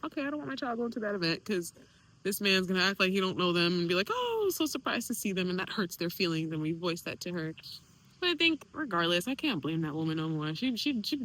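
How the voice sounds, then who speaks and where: A young woman speaking candidly in a personal vlog, emotional and animated, quoting others in lively voices. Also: lowish voice, rough recording. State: tearful at times. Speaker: vlogger.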